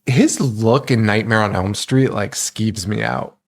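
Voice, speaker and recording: A man's voice: fairly low pitch, a little slow, gravelly. A man co-hosting a horror movie podcast, talking casually, swearing a lot, laughing often and acting out lines from films. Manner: profane, laughing, acts out movie lines in put-on voices. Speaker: podcast co-host.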